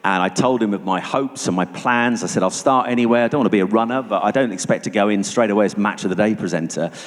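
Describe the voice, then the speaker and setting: Deep-voiced man telling his story in a church hall. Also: quick pace. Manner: vivid storytelling, dropping to hushed tones for tension. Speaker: guest speaker. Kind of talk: personal testimony told to an audience. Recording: long reverb of a church hall.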